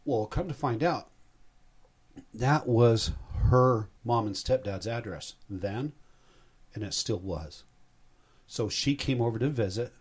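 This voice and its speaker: Older male guest in his sixties, low voice, rambling and heartfelt personal storyteller. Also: a little mellow. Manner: rambling, heartfelt, self-interrupting.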